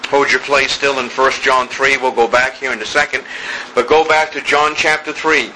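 A man preaching an evening sermon, slow and emphatic, building through repeated phrases. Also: mid-range voice, flat delivery, bright, forceful tone, slight background noise, low-quality recording.

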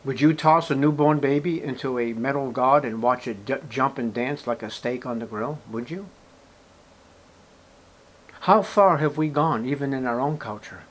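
A man preaching a sermon with dramatic storytelling, loud emphatic bursts and sarcastic rhetorical questions. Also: mid-range voice, normal speed. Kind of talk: expository sermon.

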